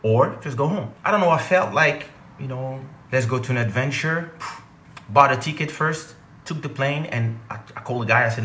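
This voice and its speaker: A man from DR Congo, telling a storytime vlog with animated, emphatic delivery. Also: mid-range voice, moderate pace, slight background noise. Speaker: vlogger and singer. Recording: echoey room.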